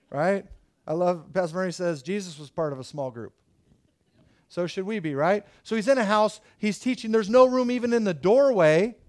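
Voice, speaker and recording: A middle-aged man preaching a sermon as pastor, telling stories in an animated way. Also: high-pitched. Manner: animated storytelling with acted quotes.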